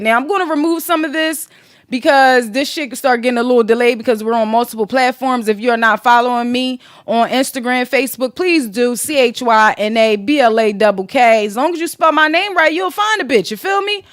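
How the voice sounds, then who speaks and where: Sassy, high, lively woman podcaster. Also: normal speed, dry recording, clean studio sound. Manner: sassy, profane, animated, reads posts aloud with reactions. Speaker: podcast host. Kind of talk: casual celebrity gossip commentary.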